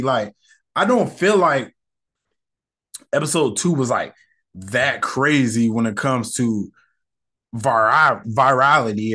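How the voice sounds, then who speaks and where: A young man hosting his own podcast, chatting loosely and candidly in slang. His voice sits a little high for a man, and he rambles from one thought to the next as he talks into his mic. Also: sharp tone, breathy edge. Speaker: podcast host. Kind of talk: casual solo podcast chat.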